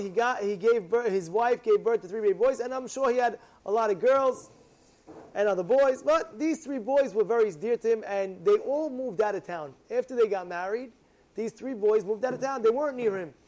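A man telling a story to his listeners in an excited sermon, repeating and restarting phrases. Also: high-pitched.

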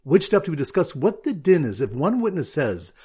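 A man's voice: on the high side, very animated, a little fast, mellow, husky. A man, a rabbi, teaching a Talmud lesson with memory aids and a quiz, reading Aramaic in a sing-song lilt.

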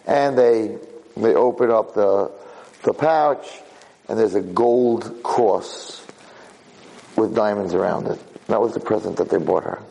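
A man giving a lecture as a lively story, repeating himself and jumping sharply higher in pitch for emphasis. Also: slow, creaky, low-quality recording. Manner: animated, leaps high in pitch for emphasis. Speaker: Jewish lecturer.

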